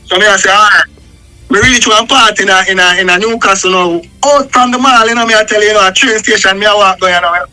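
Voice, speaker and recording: A Jamaican man tells his story in thick patois, rambling and emphatic. His voice sits very high and sharp, and faint music plays behind it. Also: quick pace, low-quality recording. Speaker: guest telling his story. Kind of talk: casual storytelling in conversation.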